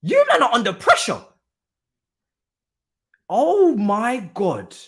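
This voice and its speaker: Guy, watchalong host, slow drawl breaking into loud shouts, very lively pitch. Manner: excitable, swings between low muttering and shouting; British street slang, repeats phrases. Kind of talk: live football watchalong reaction.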